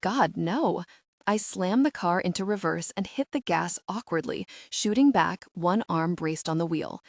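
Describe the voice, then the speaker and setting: Gravelly woman narrating an audiobook. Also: on the low side, unhurried, no echo, clean studio sound. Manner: dramatic, tense storytelling. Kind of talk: first-person audiobook narration.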